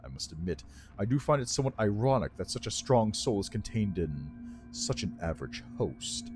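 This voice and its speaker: Man voicing an ancient lich, dry, rasping, condescending, lecturing, very old, game music behind. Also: on the low side, very animated, normal speed, pitched below the performer's own voice. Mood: cold, bitter. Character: ancient male lich, imperious scolding teacher.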